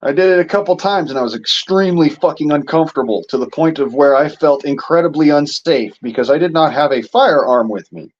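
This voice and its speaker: A man's voice: fairly high pitch, a little fast, few pauses, muffled recording. A man ranting casually and profanely to his audience, exasperated and often laughing at himself. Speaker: show host.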